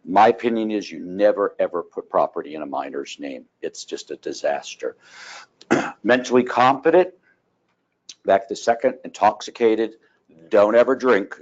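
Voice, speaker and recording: A man teaching a continuing education class on real estate law, telling folksy stories and clearing his throat often. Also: lowish voice, animated, moderate pace, lo-fi sound.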